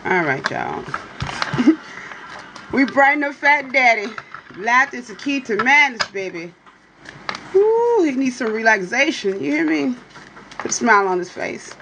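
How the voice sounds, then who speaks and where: Brief: high-pitched woman hosting a chatty livestream, playful and teasing, with a faint hum behind her. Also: sing-song, measured pace, long pauses. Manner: playful, teasing, keeps asking "you hear me?"; drawling, swoops into high exclamations. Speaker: livestream host reading for viewers. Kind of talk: casual livestream chat with viewers.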